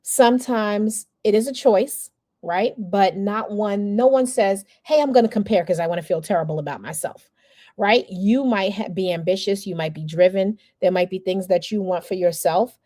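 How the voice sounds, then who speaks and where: A woman's voice: medium pitch, moderate pace, dark tone, dry recording. Woman, forties, coach teaching a masterclass, candid storyteller, mid-range voice, dry close sound. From New York area. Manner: candid, storytelling, acts out quoted people. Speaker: PR and communications coach. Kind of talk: masterclass talk with personal story.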